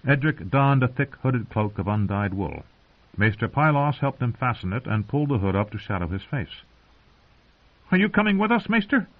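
A man narrating a fantasy audiobook in a steady storytelling voice. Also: lowish voice, normal speed. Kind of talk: scripted narration. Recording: tinny phone-like sound.

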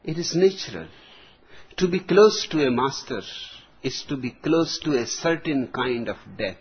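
A man giving a spiritual discourse as a teacher, speaking slowly and deliberately with long pauses. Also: mid-range voice, expressive, slightly rough. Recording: dull lo-fi recording.

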